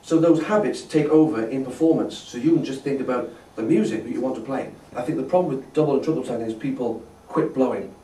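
Speaking fast with hardly any pauses, a man with a warm, mid-range voice runs a brass masterclass, patiently explaining and demonstrating tonguing syllables. A little hiss or hum sits under the distant, echoey recording from a festival hall.

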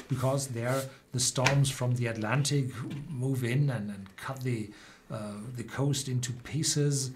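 Halting man guiding a whisky map. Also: medium pitch, slight background noise. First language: German. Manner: hesitant, many fillers and restarts. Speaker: whisky tasting host. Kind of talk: livestream tasting talk.

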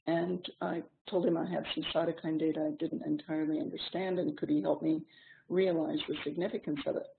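A middle-aged woman giving a clinical seminar lecture. She explains in a measured way, with frequent pauses and ums. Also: low voice, flat delivery, vocal fry. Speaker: seminar instructor. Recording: tinny lo-fi seminar recording with faint hiss.

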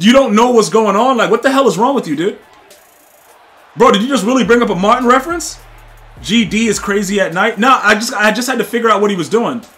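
Streamer man, high and sharp-edged, excitable trash talk to chat, prone to shouting. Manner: excitable, trash-talking, repeats "dude" and "bro"; bursts into loud shouting. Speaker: gaming streamer. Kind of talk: live gameplay commentary to chat.

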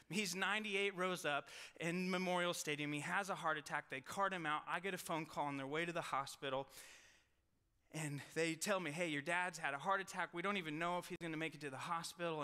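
A young adult man speaking as a college chapel preacher, telling a personal story with self-deprecating humor and quick asides. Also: a little high, sharp tone, clean tone. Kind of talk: sermon. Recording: long hall reverb.

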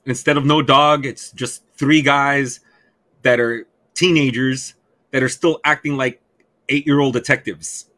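A man co-hosting a podcast in casual chat, excitable and profane as he rambles. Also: mid-range voice, a little slow. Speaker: podcast co-host.

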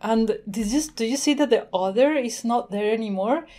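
A woman hosting a screen-recorded software tutorial, chatty and thinking aloud as she works, laughing now and then. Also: on the high side, moderate pace. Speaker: tutorial host.

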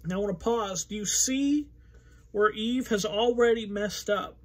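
High-voiced man teaching Bible casually. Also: unhurried. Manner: conversational, thinking aloud with fillers. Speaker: pastor.

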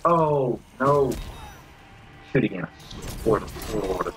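A man giving excitable, swearing live commentary while playing a fighting game, reacting loudly to every move. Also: medium pitch, extremely slow, creaky, pauses often, soft background music. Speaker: gamer.

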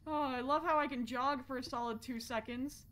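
A young woman streaming horror games, jumpy and profane, swinging from low muttering to sudden shouts. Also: fairly even intonation, moderate pace. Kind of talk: live-stream gameplay commentary.

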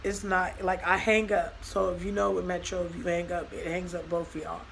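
A woman's voice: on the low side, little pitch movement, moderate pace, creaky, fairly bright tone, slight background noise, rough recording. A young woman vlogging a personal story, talking loosely and acting out both sides of each conversation. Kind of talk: storytime vlog.

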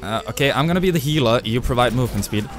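Excitable young man gaming. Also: mid-range voice, rapid-fire. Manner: excitable, loud outbursts and swearing. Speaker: gamer streamer. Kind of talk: live gameplay commentary.

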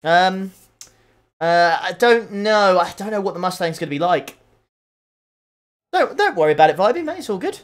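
A man's voice: sits high, animated, moderate pace, long pauses. A young man streaming a racing game, chatting casually and answering his live chat as he drives, into a desk mic at home. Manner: chatty, reads out and answers chat messages while driving. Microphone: desk USB condenser mic.

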